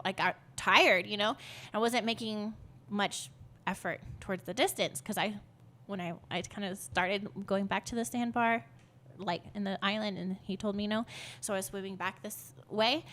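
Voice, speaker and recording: A woman's voice: medium pitch, a little fast, a bit bright. Chatty woman telling a story. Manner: rambling, filler-heavy, laughs often. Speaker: podcast guest. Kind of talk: casual storytelling.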